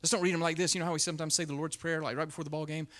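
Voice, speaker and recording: Expressive male Bible teacher with a high voice; swings from punchy emphasis to soft near-whisper. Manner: expressive, shifts between loud emphasis and hushed near-whisper; speeds up and slows down on purpose.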